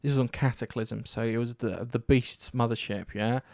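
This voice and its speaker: A man's voice: medium pitch, moderate pace, gravelly, no room sound, studio quality. Sweary rambling man. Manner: rambling, swears often, animated storytelling. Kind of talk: casual chat about games.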